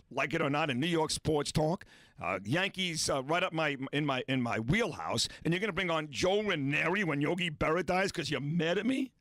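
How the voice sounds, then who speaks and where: Brash male sports radio host, lively up-and-down delivery, dry booth sound. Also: on the high side, dry recording. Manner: brash, blunt and boastful. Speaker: radio talk show host. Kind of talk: sports talk radio banter.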